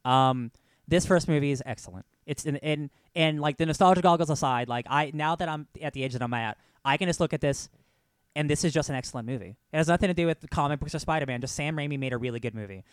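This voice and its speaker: A young man co-hosting a podcast in casual, jokey, excitable chat. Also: fairly high pitch, fast talker, smooth, no echo. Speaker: podcast co-host.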